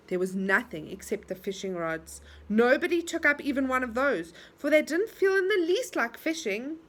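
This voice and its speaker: A woman reading a storybook aloud to a child in an animated way, stopping to ask questions. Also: high-pitched, normal speed, few pauses.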